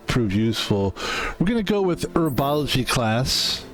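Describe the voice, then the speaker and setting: A man's voice: mid-range voice, lively intonation, moderate pace, soft background music. A man casually commenting while playing a video game, rambling between jokes and swearing freely. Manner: rambling, profane, joking asides. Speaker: gaming YouTuber. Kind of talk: casual let's-play commentary.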